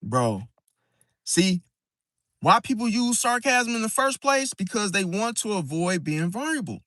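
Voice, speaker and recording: A man's voice: sits high, very animated, measured pace, sharp tone, no room sound, studio quality. A man hosting an astrology video, talking casually and emphatically, keeps asking "see?" and calling the listener "bro", often restarting and repeating words as he explains. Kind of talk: casual monologue to camera.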